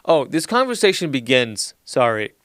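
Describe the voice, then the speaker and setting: A man of middling pitch co-hosting a casual movie chat. He mocks the film's dialogue by quoting it in a slow, flat deadpan. The sound is close and dry. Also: no room sound. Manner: sarcastic, slow deadpan quotes of film lines. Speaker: podcast co-host.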